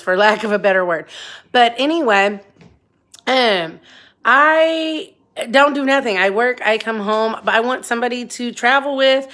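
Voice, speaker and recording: A woman in her forties speaks her mind in a loose, unscripted monologue. She rambles and circles back to her point, swearing often and without apology, at a middle pitch. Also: fairly bright tone. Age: 40s. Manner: blunt, rambling, swears freely. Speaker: vlogger. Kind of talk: candid personal monologue.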